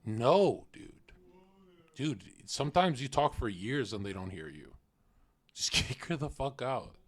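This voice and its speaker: A man's voice: mid-range voice, sing-song, unhurried. A young man streaming, giving blunt, mocking reaction commentary and acting out the people he quotes.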